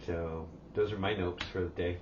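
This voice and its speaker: A man's voice: low voice, steady tone, normal speed. An older man co-hosting a podcast in casual chat, laid-back and joking. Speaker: podcast co-host. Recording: distant, muffled mic with faint noise.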